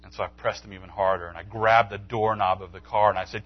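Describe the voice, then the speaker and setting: A pastor preaches a sermon in a church sanctuary, telling a story with animation and acting out its dialogue through pitch jumps. He talks a little fast with few pauses, and the audio has no room sound and cut-off highs.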